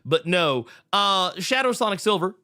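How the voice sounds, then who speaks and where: Animated, bright-voiced male podcast host. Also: high-pitched, moderate pace, clean tone. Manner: animated, profane, blunt. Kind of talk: casual podcast chat.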